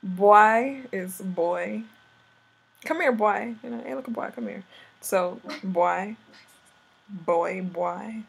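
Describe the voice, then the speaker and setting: A woman co-hosting a home vlog, casually teaching words, often laughing and slowly repeating words to coach. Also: medium pitch, creaky, husky.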